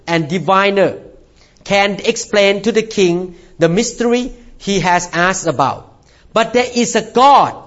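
A high-pitched man delivers a sermon with earnest conviction, repeating words as he goes and calling out "Amen?" to the congregation. The recording sounds dull and lo-fi. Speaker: preacher.

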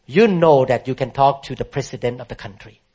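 A pastor who immigrated to the country where he now preaches, having moved there as an adult, delivers an emphatic sermon and poses questions to the congregation. His mid-range voice is mellow and fairly quick. The sound is muffled and lo-fi.

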